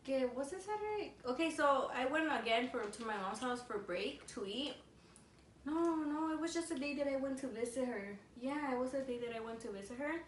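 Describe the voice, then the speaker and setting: Young woman, higher voice, rambling casual storytelling, filler-heavy, code-switching, distant mic, echoey room. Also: animated, a little fast, slight background noise. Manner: switches languages mid-sentence. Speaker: vlogger co-host. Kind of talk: casual storytelling over a meal.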